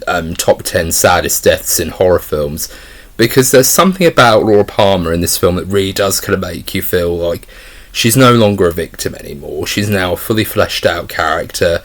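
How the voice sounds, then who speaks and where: A young man with a low voice gives an off-the-cuff, casual film review. He rambles, stumbles through restarts and relies heavily on filler words.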